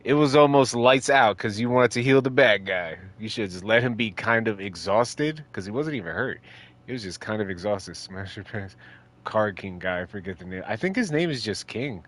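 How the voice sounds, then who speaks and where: Low-voiced man streaming a game. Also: expressive, normal speed. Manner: reads game dialogue aloud, doing voices, chatting with viewers. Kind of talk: casual let's play commentary with character voices. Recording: faint game music behind.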